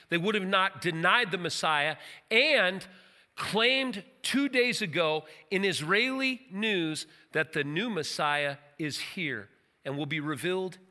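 A man's voice: sits high, sharp tone, in a large hall. A middle-aged man preaching as pastor of his church, folksy and joking, with emphatic turns. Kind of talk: sermon. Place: church sanctuary.

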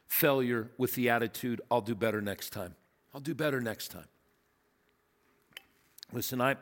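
A man's voice: medium pitch, fairly bright tone. Man preaching in a reverberant hall. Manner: conversational, emphatic, rhetorical questions. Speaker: guest preacher. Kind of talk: sermon.

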